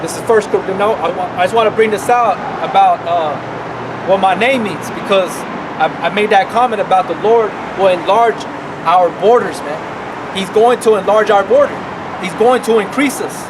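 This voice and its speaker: A man's voice: high-pitched, normal speed, background noise. A man preaching a sermon outdoors as a street preacher, talking emphatically and repeating himself, often tacking on "man" and "right".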